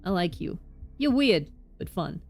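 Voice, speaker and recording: A woman voicing a gruff, evasive male street thug in an attempted New York accent, read aloud from a game. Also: on the low side, very animated, unhurried, a little mellow, faint music behind, exaggerated voice. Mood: wary.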